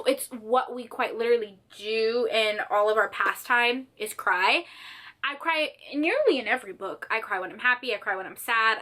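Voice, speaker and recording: A young woman chatting casually about her favorite books, gushing and animated, with lots of "like". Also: on the high side. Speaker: book vlogger. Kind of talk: casual chat.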